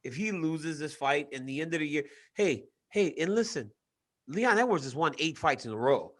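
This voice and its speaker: Animated, higher-voiced man on a video call. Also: normal speed. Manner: animated, teasing, laughs often. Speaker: co-host and fight analyst. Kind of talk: casual sports podcast chat.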